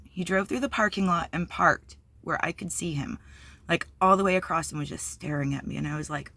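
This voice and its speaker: A woman's voice: lowish voice, fairly quick, gravelly, bright, forceful tone. A woman candidly telling a personal story on her vlog, blunt and profane, with many fillers. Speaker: vlogger.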